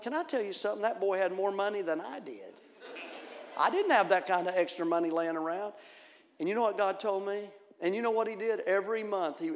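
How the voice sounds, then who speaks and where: A middle-aged man preaches from a church pulpit, his fairly high voice carrying through a long, ringing reverb. He tells his stories in a folksy, animated way and jumps into the voices of the people in them. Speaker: pastor. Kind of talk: sermon with storytelling. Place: church sanctuary.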